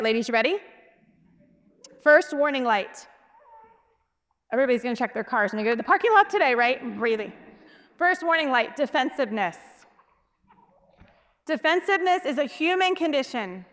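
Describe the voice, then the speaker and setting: A woman's voice: sits high, bright, forceful tone. A woman speaking to a women's gathering, giving a faith talk in a chatty, personal storytelling way. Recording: reverberant hall.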